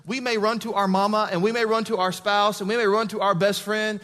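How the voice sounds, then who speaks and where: High-voiced conversational male preacher. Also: level tone, fast talker, a bit bright, long reverb tail. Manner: conversational preaching, building to emphatic peaks. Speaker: pastor. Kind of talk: sermon.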